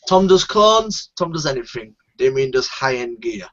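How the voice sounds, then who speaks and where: A man's voice: mid-range voice, expressive, normal speed, hardly any pauses. A man from northern England, host of a casual live group chat, talking bluntly and swearing freely. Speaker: show host. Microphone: video call. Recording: dull lo-fi online call audio.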